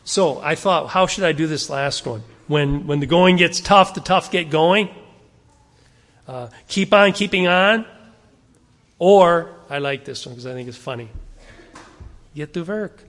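A man's voice: on the high side, measured pace, fairly bright tone, long reverb tail. A male pastor delivering a sermon to his congregation, exhorting them earnestly and asking rhetorical questions.

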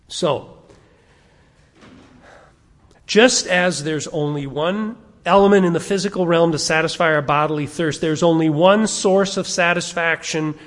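A middle-aged man preaching a sermon to a congregation, asking them questions and having them turn to verses. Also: a little high. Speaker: pastor. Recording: long hall reverb.

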